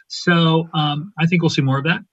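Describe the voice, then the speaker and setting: Husky-voiced male guest on a dull line. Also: a little high, fairly even intonation, moderate pace, no echo. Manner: thoughtful, hedging with "I think". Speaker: guest commentator. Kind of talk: casual radio talk.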